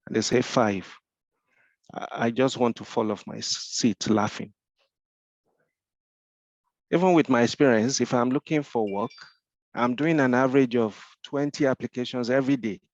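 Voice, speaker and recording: A man with a Nigerian accent speaks as a mentor in a Q&A discussion, his voice gravelly with fry. He explains step by step, asks rhetorical questions and often restarts his sentences. The recording is dull and lo-fi, with a dry, close sound. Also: mid-range voice, normal speed, long pauses, dry recording.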